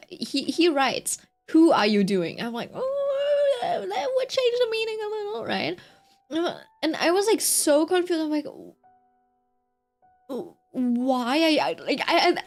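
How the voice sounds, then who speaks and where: A young woman with a slightly high voice chats on her stream, wandering through a story with plenty of fillers. She giggles often and restarts her sentences. Faint music plays in the background. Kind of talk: casual stream chat.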